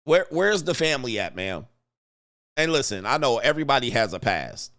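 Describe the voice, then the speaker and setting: Blunt, mocking man with lively pitch. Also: moderate pace. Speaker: commentary host. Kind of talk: livestream reaction commentary.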